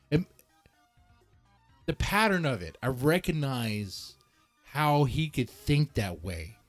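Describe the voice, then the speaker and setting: A man hosting a casual commentary stream, rambling and mocking, with many restarts. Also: medium pitch.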